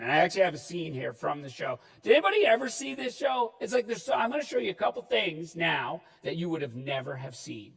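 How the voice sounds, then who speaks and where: Animated Canadian man telling stage stories. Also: a little high, fast, vocal fry, hardly any pauses, far from the mic, low-quality recording. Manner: animated, acts out quotes, self-deprecating. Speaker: keynote speaker, actor. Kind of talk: conference keynote storytelling. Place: conference hall.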